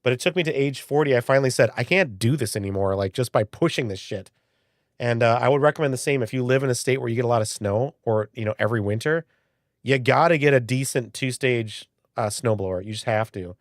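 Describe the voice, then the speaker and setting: A man's voice: medium pitch, quick pace, no room sound. Forties guy rambling on his stream, chatting with viewers, swears a bit, mid voice, dry sound. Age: early 40s. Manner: rambling, chatty, swears, reads chat aloud. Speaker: live-stream host. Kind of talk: casual live-stream chat.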